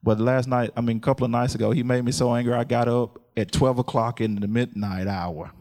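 A man preaching a sermon in a call-and-response style, laughing often and calling out hallelujahs as his voice climbs higher and louder. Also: fairly even intonation, fairly quick, few pauses.

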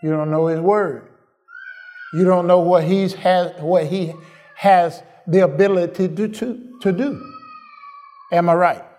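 A man's voice: high-pitched, measured pace, pauses often, mellow. A man preaching a sermon in a call-and-response manner, often asking "Am I right?" and repeating his phrases for emphasis.

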